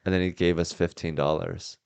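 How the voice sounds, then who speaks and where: Deep-voiced man on a casual podcast. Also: flat delivery, a little fast, creaky, darkish tone, clear, resonant tone, no room sound. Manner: laid-back, wry, swearing freely. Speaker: podcast host. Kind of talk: casual chat. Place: house.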